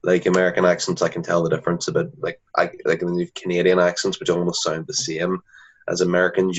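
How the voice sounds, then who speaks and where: A man's voice: sits low, monotone, fast, slightly rough. A man, a guest in a casual interview, talking earnestly and often restarting his sentences. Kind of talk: casual conversation. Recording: dull lo-fi recording.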